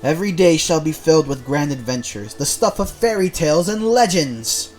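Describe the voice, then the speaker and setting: A man's voice: on the high side, expressive, moderate pace, darkish tone, soft background music, lightly acted. A man voicing a pompous, theatrical male inspector, reading game lines in a bombastic, declamatory way.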